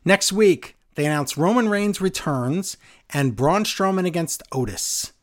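A man co-hosting a casual wrestling recap podcast, sarcastic and lively as he runs through the night's events. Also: high voice, a little slow. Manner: animated, sarcastic play-by-play.

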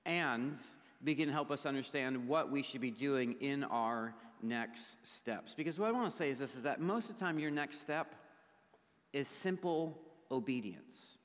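Hoarse pastor preaching in a reverberant hall. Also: male voice, mid-range voice, expressive, normal speed. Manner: conversational, asks the audience questions. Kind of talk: sermon. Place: church gathering hall. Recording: long reverb of a large hall.

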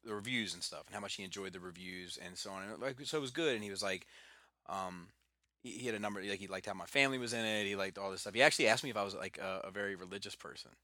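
A man's voice: lowish voice, fast, sharp tone, dry recording, clean studio sound. A man co-hosting a podcast, telling stories in a casual chat, laughing often and restarting his sentences. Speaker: podcast co-host.

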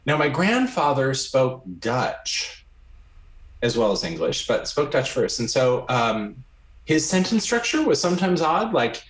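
A man telling a personal story during a conversation, animated and often checking in with "right?". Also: medium pitch, a little slow. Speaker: guest. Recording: roomy echo.

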